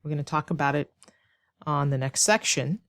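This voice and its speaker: A woman teaching an online English lesson, explaining slowly and clearly with rhetorical questions to her students. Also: low voice, no room sound, studio quality. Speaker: ESL teacher.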